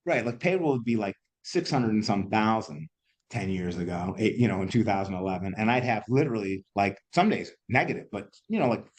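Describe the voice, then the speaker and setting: A middle-aged man, an entrepreneur, telling candid stories in an interview, animated and laughing, now and then swearing. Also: lowish voice, a little fast. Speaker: entrepreneur guest.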